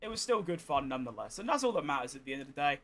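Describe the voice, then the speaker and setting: Streamer, man, high-pitched, croaky and worn out, chatty, swearing, exasperated. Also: big pitch swings, rapid-fire, crowd noise. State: hoarse, tired. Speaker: gaming streamer. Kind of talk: casual gameplay commentary.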